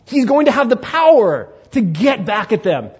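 Animated, husky-voiced man preaching a sermon. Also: extremely high pitch, normal speed, highs cut off. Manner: animated, acts out inner voices and questions to the congregation. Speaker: pastor. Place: church sanctuary.

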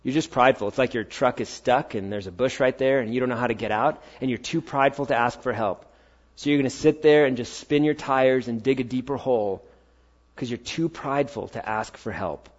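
A male pastor preaching a sermon, firing rhetorical questions and swinging between loud pushes and hushed asides. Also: medium pitch, brisk, highs cut off.

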